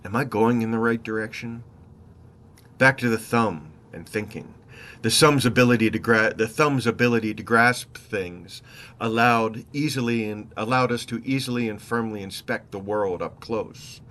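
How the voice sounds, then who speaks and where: A man narrating his own travel story in the first person, reflective and meandering, with wry asides and unhurried self-corrections. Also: on the low side, a bit bright.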